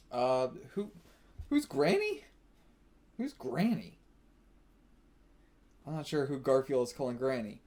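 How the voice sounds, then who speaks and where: A man of middle pitch reacting live to a manga as he reads. He thinks out loud in a loose, casual way, chuckles a lot and drops the odd curse. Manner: casual, thinks aloud, laughs often, swears. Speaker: manga reaction channel host. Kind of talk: live reaction while reading manga aloud.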